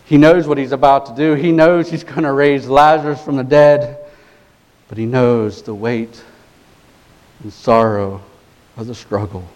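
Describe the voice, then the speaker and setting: A man's voice: mid-range voice, a little slow, pauses often, a little mellow, poor audio. A man preaching a sermon as pastor, earnest and emphatic, building points through repeated phrases.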